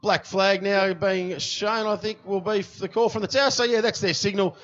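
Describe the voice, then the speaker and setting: Keen Australian man, high voice, race commentary. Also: steady tone, normal speed, fairly bright tone, lo-fi sound. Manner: enthusiastic, slangy, says "mate" often. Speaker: guest commentator.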